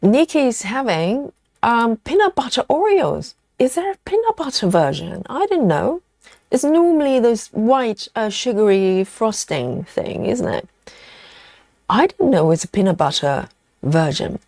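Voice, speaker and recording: A woman's voice: on the high side, very animated, unhurried, darkish tone, dry recording, clean studio sound. A woman hosting a casual live stream, chatting and reading viewer comments aloud as she goes.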